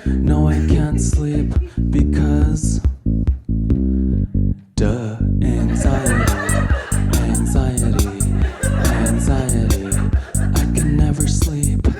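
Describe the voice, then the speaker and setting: A comedian voicing a breathy whisper-singing young female pop star in a whispered role-play, with hushed, drawn-out sung phrases over a guitar. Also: a bass voice, sing-song, voice pushed down, exaggerated voice. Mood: droning. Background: guitar accompaniment.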